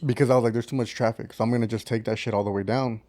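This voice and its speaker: A man's voice: medium pitch, racing. A man with an El Paso Texan accent, telling a road story on a casual podcast, cursing often and acting out what people said. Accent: El Paso Texan English. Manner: animated, swears constantly, acts out quotes. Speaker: podcast co-host.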